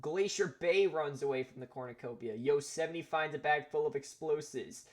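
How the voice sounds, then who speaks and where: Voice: medium pitch, normal speed, a little mellow. A host giving casual, chatty commentary over a simulator game, laughing often and getting sidetracked. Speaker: gaming video host.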